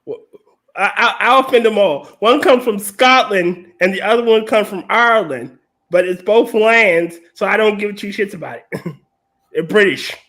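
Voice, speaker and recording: A man's voice: high voice, moderate pace, fairly bright tone. An American man in his thirties in casual podcast chat, blunt and irreverent, often stammering as he restarts. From United States.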